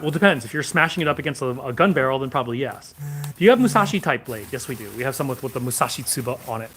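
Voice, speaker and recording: Relaxed man rambling on a livestream. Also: mid-range voice, a little hiss or hum. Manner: relaxed, rambling, answers chat questions. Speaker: host of a sword shop livestream. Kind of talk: casual livestream chat. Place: shop back room behind sword racks.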